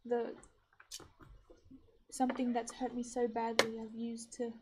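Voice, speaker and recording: A woman playing her character in a tabletop game, speaking softly, hesitantly and earnestly. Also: on the high side, completely flat delivery, a little slow, heavy background noise. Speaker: player. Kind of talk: in-character roleplay.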